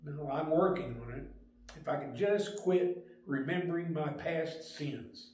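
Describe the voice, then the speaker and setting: An older man giving a Sunday school lesson, telling stories in a plain, unhurried way with small restarts. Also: a little high, darkish tone. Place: church room. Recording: very echoey room.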